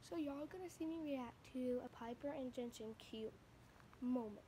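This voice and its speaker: High-voiced rambling female vlogger. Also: normal speed, noisy background. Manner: rambling, chatty, gushing and emotional. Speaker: vlogger reacting to videos. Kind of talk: casual reaction vlog. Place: at home in front of a TV. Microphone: phone camera.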